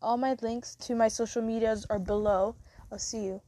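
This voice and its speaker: A woman's voice: on the high side, fairly even intonation, moderate pace, mellow. A woman hosting her own podcast in a casual solo chat, rambling and apologetic, with many fillers. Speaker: podcast host.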